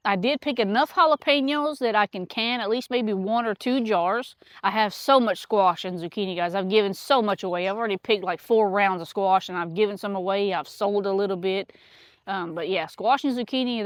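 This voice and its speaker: Out in a garden, a chatty woman homesteader vlogs in casual conversation, rambling with many fillers. Her voice is mid-range and the recording is dry.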